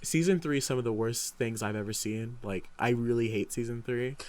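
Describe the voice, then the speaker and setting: A young man chats casually as a podcast co-host, with a mid-pitched voice. He rambles eagerly and acts out his own past reactions as he goes. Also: little pitch movement, fairly quick, no room sound. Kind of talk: casual chat.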